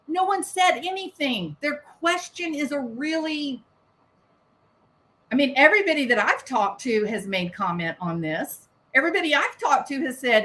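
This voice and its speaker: A woman's voice: high-pitched, animated, unhurried, a bit bright. A woman giving sarcastic, indignant commentary on a press conference, firing off rhetorical questions.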